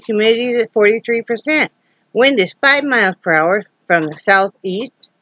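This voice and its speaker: A woman's voice: medium pitch, a bit bright, no room sound, dull audio. A middle-aged woman chatting casually to camera from her home, homey and talkative, filmed on a camera set up on a ring light. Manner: chatty and homey, with laughs and asides. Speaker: vlogger. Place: home, indoors. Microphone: phone or camera on a ring light.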